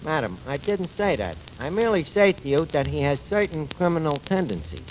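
An actor in a 1940s radio comedy playing a fast-talking, sarcastic male tavern manager with slangy speech, on an old lo-fi recording. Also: fairly high pitch, big pitch swings. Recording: dull lo-fi old radio recording, faint hiss.

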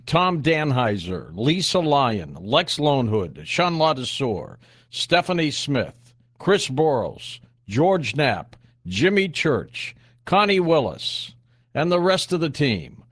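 A man hosting a late-night radio show, giving a relaxed sign-off. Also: fairly high pitch, takes it slowly, no echo, clean studio sound. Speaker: radio host.

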